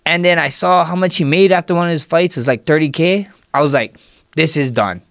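A man's voice: fairly high pitch, brisk, dry recording, studio quality. A young man in his twenties, a guest fighter, telling stories in casual chat and laughing as he goes. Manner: animated, laughs while telling. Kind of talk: casual storytelling.

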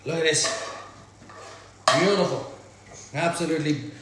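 A man with an Irish accent hosting a live cook-along in a home kitchen, chatty and excitable, full of exclamations. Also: on the high side, unhurried. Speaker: chef host. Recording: very echoey room, faint noise.

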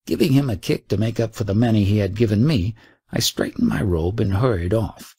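A man reading a first-person memoir aloud as an audiobook narrator, in a measured storytelling way. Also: on the low side, warm tone, breathy edge, no room sound, studio quality.

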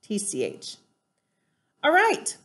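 A woman's voice: medium pitch, wildly swooping pitch, takes it slowly, fairly bright tone. A woman teacher giving a recorded spelling lesson, patiently explaining rules step by step and spelling words out letter by letter.

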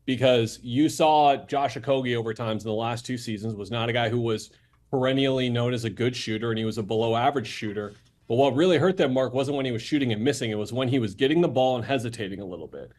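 A young man, a sports reporter guest, talking fast and animated in a casual podcast chat, full of restarts. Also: medium pitch.

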